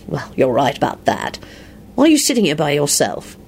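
A woman voicing a wry, stubborn grown man, a teasing wizard, in a lowered voice for a read-aloud story. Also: wildly swooping pitch, normal speed, a little mellow, slight background noise, full character voice.

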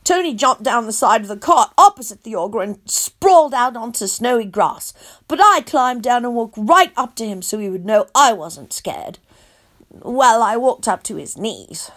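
A woman narrating a storybook in the first person, her voice animated and childlike. Her pitch sits a little high and swings widely through each sentence. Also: normal speed.

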